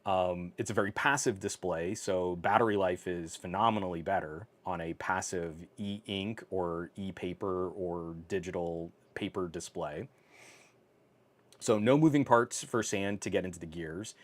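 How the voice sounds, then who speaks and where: A man's voice: sits low, a little slow. Chatty male tech livestream host. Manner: chatty, reads viewer comments, laughs often, many fillers. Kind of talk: casual live-stream chat. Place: home office. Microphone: on camera.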